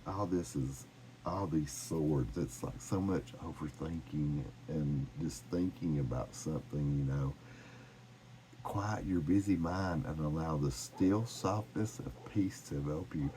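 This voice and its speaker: A man giving a casual, encouraging tarot reading, gently reading card messages aloud. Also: extremely low pitch, slight background noise, rough recording. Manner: gentle, encouraging, reads cards aloud with laughs. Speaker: tarot reader.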